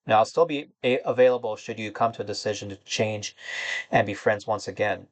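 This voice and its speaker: With a fairly low voice and a brisk delivery, a male gaming channel host chats casually to his audience. He sounds glum and disappointed, rambling through many fillers and restarts.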